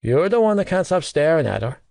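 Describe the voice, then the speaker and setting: A man doing a cheeky, high teenage schoolboy. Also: very animated, a little fast, gravelly, darkish tone, dry recording, clean studio sound. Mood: exasperated. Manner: teasing, exasperated, dramatic. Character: cheeky teenage schoolboy best friend, male. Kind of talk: audiobook character voice.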